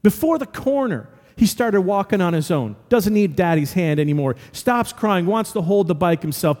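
Very animated and high-pitched, this pastor's darkish voice runs at a moderate pace with hardly any pauses. His sermon is earnest storytelling punctuated by emphatic repetition, recorded in a large hall with long reverb.

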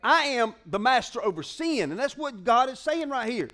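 Male preacher, high-pitched, chatty call-and-response sermon delivery. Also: very animated, normal speed, fairly bright tone. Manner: conversational, call-and-response preaching with colloquial asides. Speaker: pastor.

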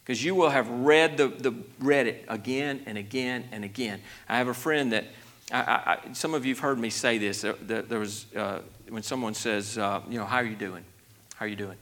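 Male pastor, mid-pitched, folksy sermon delivery with restarts and rising emphasis. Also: normal speed, fairly bright tone. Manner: folksy, conversational, many restarts, grows emphatic. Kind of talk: sermon Bible study.

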